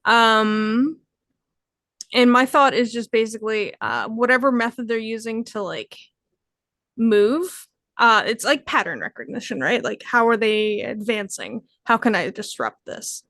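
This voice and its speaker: Woman, tabletop player, tentative, fillers, slightly high, dry. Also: animated, a little slow, a bit bright, dry recording. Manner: thinking aloud, tentative, many fillers. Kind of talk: tabletop game play.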